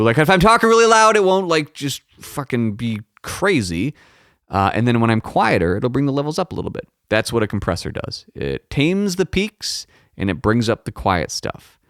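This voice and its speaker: Rambling low-voiced man at a close mic. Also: no echo. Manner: rambling, profane, self-interrupting. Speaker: podcast host. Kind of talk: casual solo talk about audio gear. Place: home recording setup. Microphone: close dynamic studio microphone.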